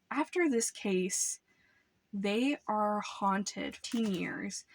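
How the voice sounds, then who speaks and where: A young woman chatting through book reviews at a mid pitch. She rambles along, filling her sentences with "like" and "um." The sound is close and dry. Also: dry recording. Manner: rambling, lots of "like" and "um" fillers. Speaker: book vlogger.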